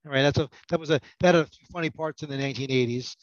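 A man's voice: fairly high pitch, rapid-fire, no room sound, lo-fi sound. A middle-aged man chatting as a podcast guest, rambling and self-mocking, with many restarts. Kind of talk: casual podcast banter.

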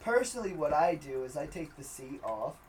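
A man's voice: a little high, very animated, fairly quick, far from the mic, slight background noise. A man co-hosting a podcast, chatting casually in a crude, profane, teasing way in an indoor room. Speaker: podcast co-host. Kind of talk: casual joking chat.

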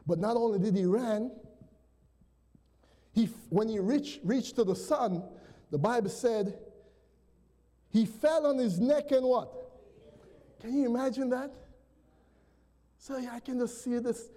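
Male pastor, high mellow voice, animated sermon delivery, long church reverb. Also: unhurried, long pauses. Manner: animated preaching, calls to the congregation. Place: church sanctuary.

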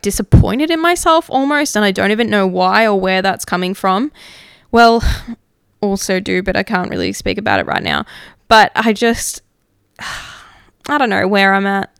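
Candid, clear-voiced woman podcaster. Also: mid-range voice, fairly bright tone, no echo, clean studio sound. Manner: open, emotional, swears casually; reflective, many fillers like "like". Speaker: podcast host. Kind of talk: candid personal monologue.

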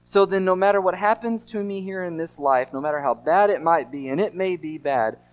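Male pastor, fairly high voice, earnest emphatic sermon delivery with rhetorical questions. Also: a little fast.

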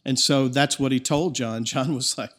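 A man's voice: medium pitch, fairly even intonation, moderate pace, fairly bright tone. A man preaching a sermon in an earnest, emphatic way, his voice rising in bursts of intensity. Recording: long reverb of a large hall.

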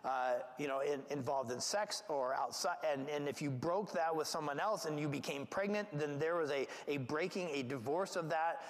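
A man preaching a sermon as pastor, talking in a conversational, animated way with asides and restarts. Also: on the high side, normal speed, hardly any pauses, long reverb tail. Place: church gathering.

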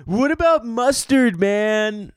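A man's voice: very high-pitched, animated, slow pace, smooth, no echo, clean studio sound, pitched above the performer's own voice, full character voice. A man voicing a spaced-out young male hippie protester who drawls dopey questions. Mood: baffled drawl.

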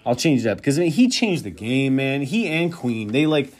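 A man's voice: medium pitch, sing-song, moderate pace, a little mellow. Male solo podcast host; loose, rambling, profane, thinks aloud. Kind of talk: casual solo chat.

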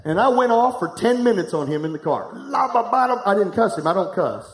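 High-voiced preacher man, echoey room. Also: animated, fast talker. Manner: candid, humorous, talks to the congregation directly. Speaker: pastor. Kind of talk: sermon with personal story. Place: church hall, live before a congregation.

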